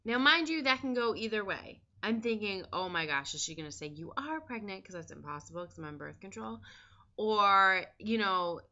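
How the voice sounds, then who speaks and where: A woman's voice: medium pitch, animated, moderate pace, sharp tone, highs cut off. A woman vlogger talking in a casual diary style, chatty and candid, with lots of ums and likes. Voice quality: chatty, filler-heavy and candid.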